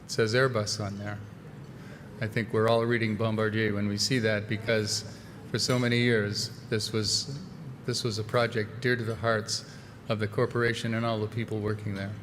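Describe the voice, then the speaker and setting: A man's voice: fairly low pitch, level tone, moderate pace, a bit bright. A man presenting an award on stage, hesitant, with many filler words. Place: large banquet hall. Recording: long hall reverb, faint noise.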